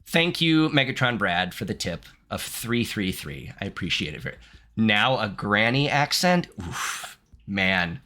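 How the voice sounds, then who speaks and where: A man's voice: lowish voice, very animated, measured pace, sharp tone. A man from the United States streaming gameplay, reading game text aloud and chatting playfully with his viewers, laughing often. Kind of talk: live-streamed gameplay commentary.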